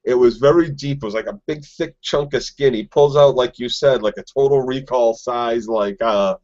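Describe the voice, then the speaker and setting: A man co-hosts a casual TV recap podcast, cracking jokes and laughing often. His voice sits at an average male pitch. The audio is dull and lo-fi. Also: normal speed, a little mellow. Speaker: podcast co-host.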